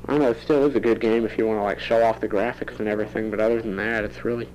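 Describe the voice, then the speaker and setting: A man's voice: on the low side, fairly even intonation, racing, darkish tone, slight background noise, low-quality recording. Give me a chatty teenage boy recording a cassette diary at home, laughing a lot and rambling along. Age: teens. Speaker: student keeping a tape diary. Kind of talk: rambling audio diary monologue.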